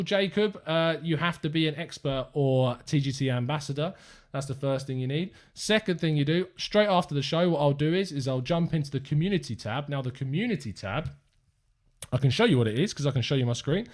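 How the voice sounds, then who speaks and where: Chatty young English fan-channel host. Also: male voice, a little high. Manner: chatty and upbeat, rambling with fillers. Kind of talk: live-stream chat with viewers.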